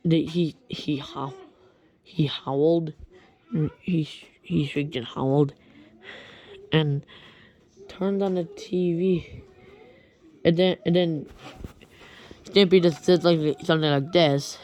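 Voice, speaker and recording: A woman retelling a creepy story in a rambling, halting way with many restarts. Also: low-pitched, warm tone.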